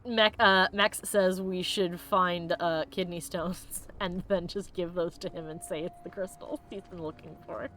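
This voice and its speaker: A woman's voice: lowish voice, steady tone, unhurried, hardly any pauses. A woman playing a video game for a let's play, chatting casually, giggling and exclaiming often. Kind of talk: casual gameplay chat.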